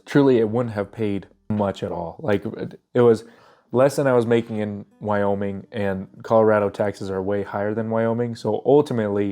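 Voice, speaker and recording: A man's voice: fairly low pitch, dark tone. A young man with a cold talking casually and earnestly to his viewers, his voice stuffy and congested, rambling with plenty of fillers and restarts. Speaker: vlogger. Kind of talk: casual talk to camera.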